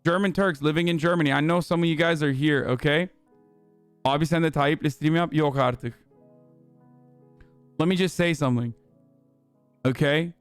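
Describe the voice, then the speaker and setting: A man's voice: on the high side, normal speed, long pauses, smooth, dry recording, faint music behind. A man hosting a livestream, giving heated, profane commentary with lots of fillers. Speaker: livestream host.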